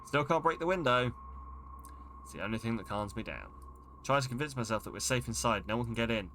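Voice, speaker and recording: Man, streamer, reads horror game text aloud with drama, startled outbursts, average pitch, faint hiss behind. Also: animated, a little fast, sharp tone. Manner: dramatic reading mixed with startled exclamations. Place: home streaming setup.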